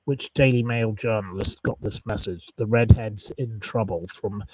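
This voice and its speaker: A man's voice: fairly low pitch, moderate pace, recorded from a distance, a little hiss or hum, poor audio. A man hosting a live quiz, chatting casually, rambling and reeling off long lists of wrong answers. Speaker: quiz host on a live stream.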